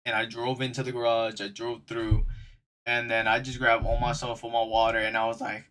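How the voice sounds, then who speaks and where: Slangy young man with a bright voice. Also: medium pitch, level tone, fairly quick. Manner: loose and slangy, talks straight to viewers. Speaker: streamer telling a story. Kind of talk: casual storytime.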